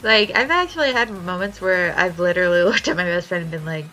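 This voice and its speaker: A woman's voice: on the low side, brisk, pushed and bright, soft background music, low-quality recording. A young woman chatting casually while she draws on stream, swearing freely and laughing often as she tells stories. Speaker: art streamer.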